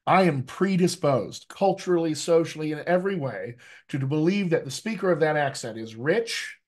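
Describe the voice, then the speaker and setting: A man with an American accent, a dialect coach giving a lively, teacherly talk to actors over a video call, often checking in with "right?". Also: on the high side, normal speed. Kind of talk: live online coaching talk.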